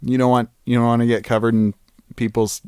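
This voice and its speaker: A man's voice: mid-range voice, little pitch movement, a little fast, mellow, smooth, no room sound, studio quality. A man co-hosting a podcast, chatting casually and teasingly, laughing often. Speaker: podcast co-host. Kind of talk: casual comedic chat.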